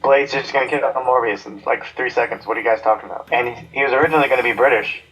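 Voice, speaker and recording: A man's voice: medium pitch, rapid-fire, fairly bright tone, husky, low-quality recording. A man co-hosting a podcast, talking casually and hesitantly, often repeating himself. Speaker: podcast co-host. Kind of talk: casual chat.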